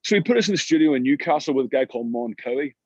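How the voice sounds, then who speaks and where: A middle-aged Scottish man telling anecdotes in an interview, lively and full of restarts. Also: mid-range voice, very fast, husky, dry recording, lo-fi sound. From Scotland. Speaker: guest musician. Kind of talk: storytelling interview.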